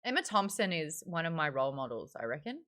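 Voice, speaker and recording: A woman's voice: low voice, very animated, fast, bright, forceful tone. An Australian woman hosting a live-streamed book club, chatting candidly with lots of fillers. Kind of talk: casual live-stream chat.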